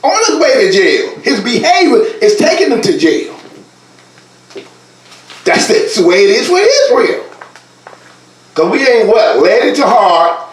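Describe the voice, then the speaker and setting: A man's voice: high-pitched, big pitch swings, measured pace, long pauses, roomy sound, distant mic, poor audio. A man teaching a Bible lesson from slides in an emphatic, colloquial way, speaking straight to his listeners.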